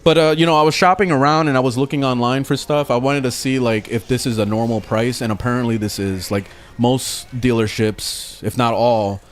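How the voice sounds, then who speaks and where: Casual male streamer, mid-pitched, animated storyteller who swears freely, faint game music behind. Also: a little fast, few pauses. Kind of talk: casual gaming stream chat.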